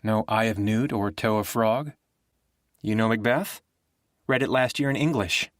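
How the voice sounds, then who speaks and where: A man voicing a frightened, sick teenage girl who bursts out shrill and tearful, in an audiobook reading. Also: a little slow, dry recording, clean studio sound, lightly acted. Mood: wry.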